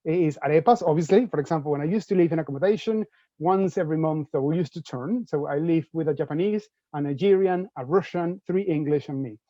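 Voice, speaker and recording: A man's voice: on the high side, quick pace, warm tone, no echo, dull audio. A man from Venezuela with a Venezuelan Spanish accent, giving an enthusiastic presentation on studying in the UK and repeating words as he goes. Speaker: presenter for UK universities. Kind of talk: enthusiastic info-session talk.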